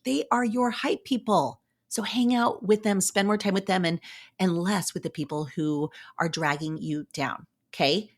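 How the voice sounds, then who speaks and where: A woman hosting a podcast, talking casually and encouragingly, upbeat and chatty with playful asides. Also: on the low side. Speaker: podcast host. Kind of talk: casual motivational talk.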